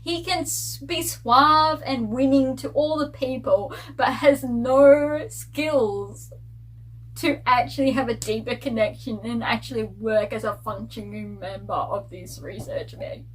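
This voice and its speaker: A woman book vlogger giving a casual spoiler review in an animated, gossipy, ranting manner. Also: fairly high pitch, measured pace, slightly rough, rough recording.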